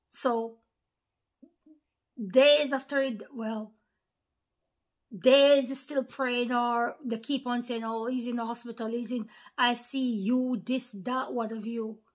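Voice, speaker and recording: A woman with a slightly high voice preaches slowly to followers online, her intonation fairly even and broken by long pauses. Earnest and informal, she repeats key phrases, calls listeners brothers and sisters, and shifts from near whispers to forceful lines.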